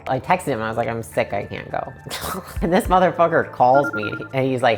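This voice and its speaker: A woman's voice: a bass voice, fast, faint music behind. A woman in her twenties telling her own story in a casual, conversational way, full of "like" fillers and acted-out quotes. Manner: conversational, frequent "like" fillers, acts out quoted lines.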